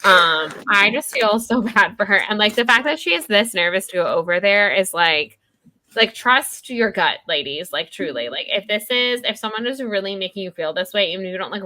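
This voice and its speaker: A woman's voice: mid-range voice, pushed and bright. A woman co-hosting a podcast, chatting casually about a book and retelling scenes with lots of "like.". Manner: chatty, heavy use of "like", retells scenes with quoted lines. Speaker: podcast co-host.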